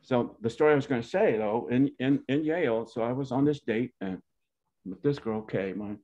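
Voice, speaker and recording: A man's voice: medium pitch, moderate pace, dark tone. A man, telling a meandering, folksy family story from his life and correcting himself as he goes. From Pawnee, Oklahoma. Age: 70s. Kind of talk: personal storytelling. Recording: dull lo-fi recording.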